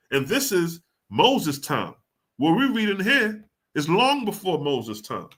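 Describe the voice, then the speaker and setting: A man with a bright, forceful voice that sits a little high for a man. He reads religious passages aloud and then breaks them down in loose, slangy street talk, pressing each point with emphasis. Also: wildly swooping pitch, slow, slightly rough. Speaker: scripture teacher. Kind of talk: casual scripture commentary.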